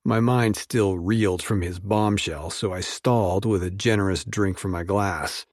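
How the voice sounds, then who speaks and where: A man giving a measured, steady first-person audiobook narration. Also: low voice, no room sound, studio quality.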